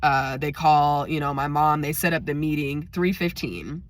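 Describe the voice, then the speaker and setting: A woman telling a personal story in a direct, animated, chatty way. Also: low-pitched, normal speed, no echo. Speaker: vlogger. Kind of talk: casual storytime.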